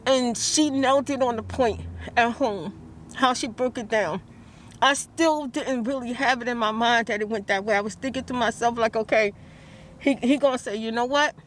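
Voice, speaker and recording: Out near a car, a woman pours her stressful morning into an emotional vlog, praying out loud and beginning sentences again. Her voice is a little high and moderately paced, with some slight background noise.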